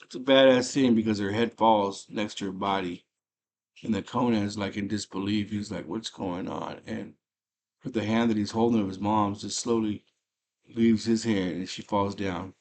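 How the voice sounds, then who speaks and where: Host, male, low-pitched voice, casual slangy movie recap, excited storyteller. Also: normal speed. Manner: animated, slangy storytelling with frequent fillers.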